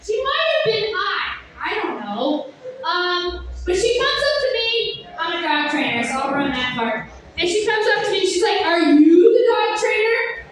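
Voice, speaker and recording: A young woman doing a stand-up comedy set with a sardonic, rambling delivery, breaking into sung and shouted bits. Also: extremely high pitch, big pitch swings, moderate pace, a little hiss or hum. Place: comedy club stage. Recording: echoey club from far off.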